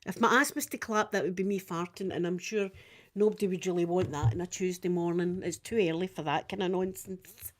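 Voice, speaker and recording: A Scottish woman in her fifties, chatting casually with viewers on a live stream, rambling and swinging up and down in pitch. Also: fairly even intonation, a little fast. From Scotland. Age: 50s.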